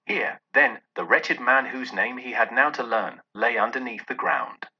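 A man narrating an audiobook in a measured, expressive storytelling manner. The recording is dull and muffled. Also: medium pitch, slightly rough.

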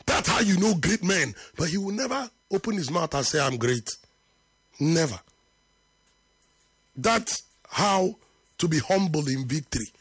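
A man argues football on a live talk show in a high, pressing voice. He hammers his points through repetition, sometimes sinking low and slow for weight. The sound is close and dry. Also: lively intonation, a bit bright, husky, dry recording. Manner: emphatic, repeats points for effect, drops to low slow tones. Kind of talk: live football debate and reading viewer comments.

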